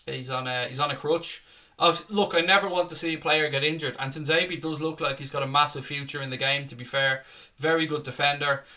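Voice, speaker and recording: A man's voice: a little high, steady tone, fairly quick, sharp tone. A man hosting a casual live stream, chatting, swearing freely and reading out viewer comments.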